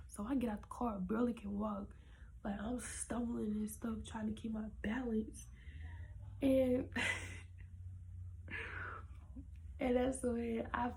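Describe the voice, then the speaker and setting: A woman's voice: fairly high pitch, a little hiss or hum, low-quality recording. Young woman telling a story, half-whispered. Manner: animated, often dropping to a whisper. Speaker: vlogger. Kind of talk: casual storytime.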